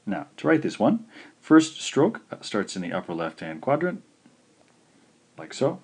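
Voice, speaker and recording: A man teaching in a recorded video lesson, patient and slow, saying each syllable out clearly. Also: mid-range voice, big pitch swings, a little mellow. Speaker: language teacher.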